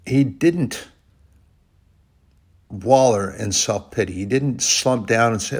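A man delivering a sermon, his voice at an ordinary middle pitch. He retells a scripture story, now swelling loud and fast, now sinking low and slow. He reads the old verses in formal, old-fashioned phrasing. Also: slightly rough. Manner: swings between loud bursts and quiet, drawn-out lines. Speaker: preacher.

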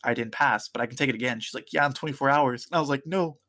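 A man's voice: medium pitch, fast. A young man, a podcast co-host, telling a story in casual chat and acting out the other people's voices. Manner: animated storyteller acting out quoted voices, laughing often.

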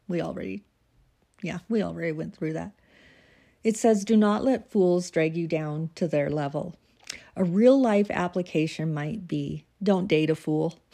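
A woman's voice: low-pitched, creaky, mellow. A woman reading devotional notes and scripture aloud, then chatting about them loosely and laughing at herself. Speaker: devotional reader. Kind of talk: casual devotional reading and commentary.

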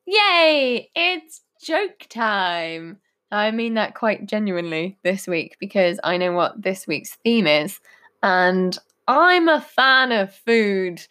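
A woman's voice: mid-range voice, expressive, slow pace, a bit bright. A woman co-hosting a casual podcast, giggly and teasing, often hesitating with "um". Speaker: podcast co-host. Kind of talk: casual banter.

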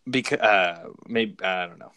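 A man's voice: low-pitched, a little slow, pushed and bright, no echo. A man in casual chat, rambling and amused as he recaps movie plots, often restarting his sentences.

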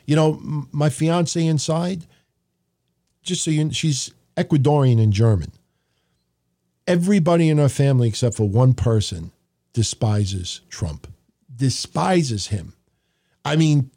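A man's voice: a little high, darkish tone. A middle-aged man, hosting a podcast and telling stories in a blunt, profane, casual monologue. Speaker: podcast host.

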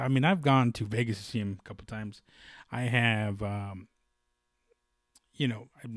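A man's voice: fairly low pitch, dry recording. Rambling man, dry close sound. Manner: rambling, many fillers and self-corrections. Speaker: fight commentator. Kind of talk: casual sports chat.

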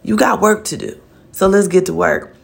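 Gravelly-voiced woman giving an earnest pep talk. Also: lowish voice, normal speed. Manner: earnest, addresses listeners directly with frequent "okay?"; repeats words while searching for phrasing. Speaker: podcast host. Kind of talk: faith-based motivational talk.

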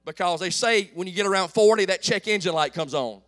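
A pastor in his late forties preaching a folksy call-and-response sermon that builds to shouts. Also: high-pitched, brisk. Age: 40s.

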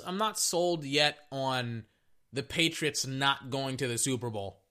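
A man giving casual, rambling play-by-play of a football game, excitable, often correcting himself and swearing casually. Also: medium pitch, unhurried. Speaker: sports commentator. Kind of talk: casual play-by-play commentary while watching a game.

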